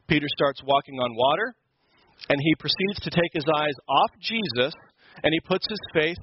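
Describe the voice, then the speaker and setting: A man's voice: on the high side, muffled recording, slight background noise. A man teaching a Sunday school lesson, explaining scripture in an emphatic, conversational way. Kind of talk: Bible teaching.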